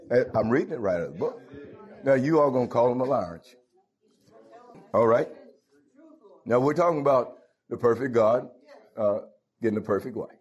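A man's voice: fairly low pitch, darkish tone, husky, highs cut off. A man preaching a folksy call-and-response sermon, laughing and calling out hallelujahs.

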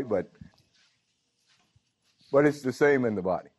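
A man's voice: medium pitch, animated, measured pace, a little mellow, slightly rough. A pastor preaching a sermon. He talks informally and keeps calling out to his congregation. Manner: informal preaching with frequent call-outs to the congregation. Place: church.

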